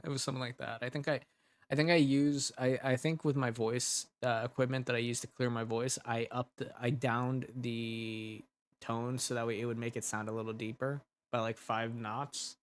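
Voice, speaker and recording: A man's voice: medium pitch, flat delivery, normal speed. A young man, an audio drama creator, chatting casually and brainstorming ideas, rambling and laughing as he cuts himself off. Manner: rambling, giggly, self-interrupting.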